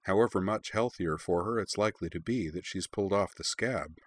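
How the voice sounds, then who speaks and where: A man voicing a calm, perceptive young woman who speaks in a measured, understanding way. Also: sits low.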